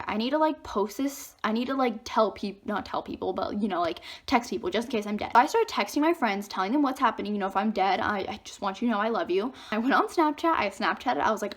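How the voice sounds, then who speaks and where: A teenage girl telling a dramatic school story in a chatty storytime vlog, acting out what others said. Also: a little high. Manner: chatty, animated retelling with acted-out quotes. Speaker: vlogger.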